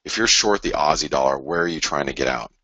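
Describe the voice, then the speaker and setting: Animated and quick, a man with a very deep voice and sharp tone comments live on currency charts for a trading broadcast. He rambles, says things more than once, and often mock-quotes traders. The audio has no echo but sounds dull.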